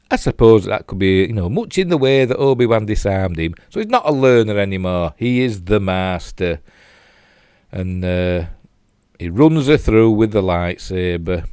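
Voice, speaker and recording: An older man with a broad Yorkshire accent reviews a TV show, rambling casually as he replays clips, full of fillers, asides and self-mockery. His very low voice is a little mellow, clear and resonant, recorded close and dry with no room sound.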